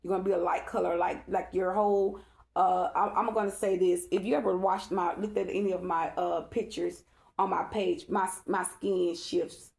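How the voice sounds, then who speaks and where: A woman's voice: fairly low pitch, flat delivery, normal speed, creaky, darkish tone. A woman, a spiritual reader, telling a rambling, emphatic story to her followers and often checking in with "okay?". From Dallas-Fort Worth area, Texas. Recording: echoey room.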